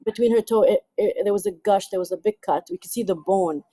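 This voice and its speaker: A woman from the United Arab Emirates, a film director, answering interview questions in a lively way with frequent restarts and laughter. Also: medium pitch, brisk, no room sound. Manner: animated, laughs often, many restarts.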